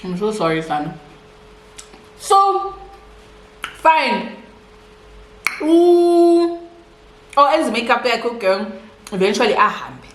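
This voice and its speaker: A young South African woman with a Xhosa-influenced accent, telling a casual storytime while eating, chatty and animated. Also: fairly high pitch, takes it slowly, long pauses, reverberant, slight background noise. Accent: South African, Xhosa-speaking. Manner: chatty, code-switching, animated retelling. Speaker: vlogger.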